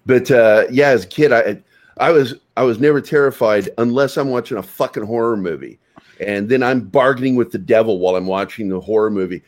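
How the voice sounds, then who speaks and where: A man's voice: mid-range voice, brisk. A man telling stories in a casual, profane chat. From United States. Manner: profane, animated storyteller.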